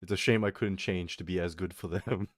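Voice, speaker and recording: A man's voice: deep voice, steady tone, fairly quick, background noise. A man streaming live, bantering crudely and mocking himself, laughing often and answering viewers' comments. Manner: chats back to viewers' comments. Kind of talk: casual live-stream chat.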